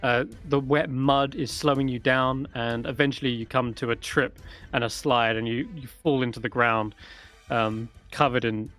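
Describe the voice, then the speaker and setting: A man's voice: medium pitch, fairly even intonation, normal speed, fairly bright tone, faint music behind. A man narrating a tabletop role-playing game as dungeon master, rambling casually with fillers.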